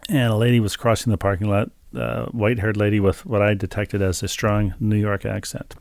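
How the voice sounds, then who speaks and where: A man's voice: on the low side, little pitch movement, brisk, creaky, a little mellow, no room sound. A middle-aged man co-hosting a podcast, telling a story in casual chat with dry, wry humor. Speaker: podcast co-host.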